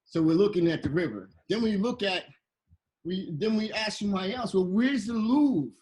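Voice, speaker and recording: A man telling a playful, animated story to children, slipping into voices as he goes, on a video call. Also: high voice, a little fast, rough recording. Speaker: guest illustrator and storyteller.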